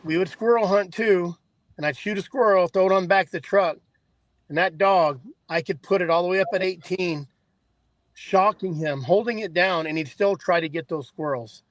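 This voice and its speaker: A man's voice: sits high, normal speed, dry recording. A man in a casual chat, telling loose, rambling stories.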